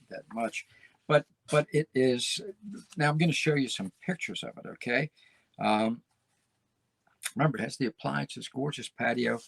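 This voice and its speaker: A man hosts a casual talk show in a gravelly, husky voice. He is folksy and emphatic, repeating his points and checking in with "okay?" The recording is dry and close. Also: medium pitch, a bit bright, dry recording. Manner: folksy, keeps tagging lines with "okay?"; emphatic, repeats phrases for effect. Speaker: host.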